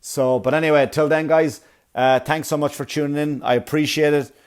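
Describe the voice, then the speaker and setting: A man's voice: on the high side, fairly even intonation, normal speed, clear, resonant tone. A man hosting a solo comedy podcast, ranting with exasperated profanity and mocking little quoted voices. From Ireland. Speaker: podcast host.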